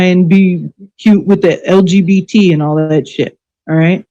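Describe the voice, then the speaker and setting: A woman hosts a live online show and rants in anger, swearing freely and firing off sarcastic rhetorical questions. Her voice is dark and mellow even at its most heated. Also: fairly low pitch, measured pace, low-quality recording. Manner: angry, profane, sarcastic. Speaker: livestream show host. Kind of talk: ranting live commentary.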